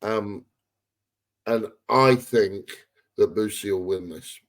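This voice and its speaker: A man's voice: lowish voice, slow pace. A man co-hosting a wrestling podcast, giving blunt opinions with frequent laughs and restarts. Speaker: podcast co-host. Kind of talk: casual wrestling chat.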